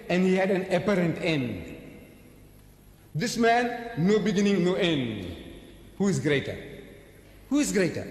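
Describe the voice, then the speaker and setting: Fairly high-voiced man giving an emphatic, rhetorical sermon-style lecture, in a long echoing hall. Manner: emphatic, rhetorical, asks and answers his own questions. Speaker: preacher lecturing an audience. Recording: echoey hall recording.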